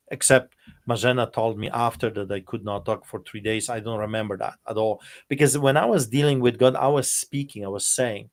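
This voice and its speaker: Man telling an emotional personal testimony. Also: medium pitch. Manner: emotional storytelling, speaking to his son. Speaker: pastor.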